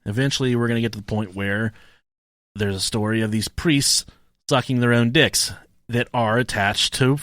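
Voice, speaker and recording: A man's voice: medium pitch, normal speed, no echo, clean studio sound. A man co-hosting a podcast in crude, casual banter, profane and joking as he tells stories. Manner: profane, joking, lively storytelling. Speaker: podcast co-host.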